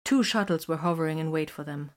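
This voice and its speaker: A woman reading a story aloud as its narrator, in a measured, even storytelling manner. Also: low voice. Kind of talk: scripted narration.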